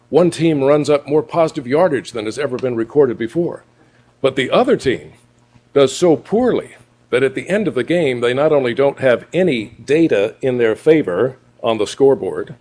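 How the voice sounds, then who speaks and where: Emphatic male lecturer, mid-pitched. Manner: emphatic, builds to loud mocking punchlines. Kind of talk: apologetics lecture.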